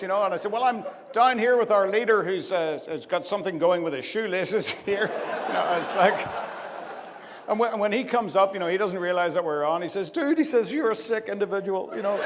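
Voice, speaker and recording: A man giving an after-dinner speech, telling a rambling anecdote and breaking into laughter as he goes. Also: mid-range voice. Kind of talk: storytelling speech to a live audience. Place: large event hall. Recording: long hall reverb.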